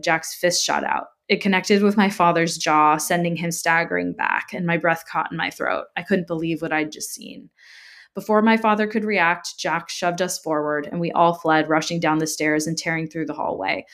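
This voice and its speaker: A woman's voice: on the low side, fairly even intonation, moderate pace, fairly bright tone. A woman reading a first-person horror story aloud with dramatic emphasis, laughing off her own stumbles. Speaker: narrator.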